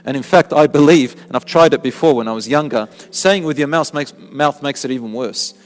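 A man's voice: mid-range voice, fairly quick, in a large hall. A man giving a religious lesson in a mosque, explaining points and putting questions to his listeners. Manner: explanatory, asks the audience questions. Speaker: religious teacher. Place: mosque hall.

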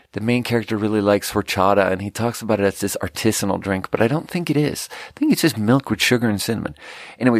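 A man's voice: on the low side, dry recording, clean studio sound. A man, a podcast host and restaurant server, casually telling a long exasperated story about difficult guests, swearing freely. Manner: profane, exasperated, animated retelling.

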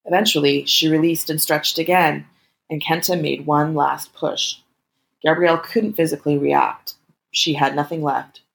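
A woman reading an erotic story aloud in a calm, steady narration. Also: low voice, gravelly, poor audio.

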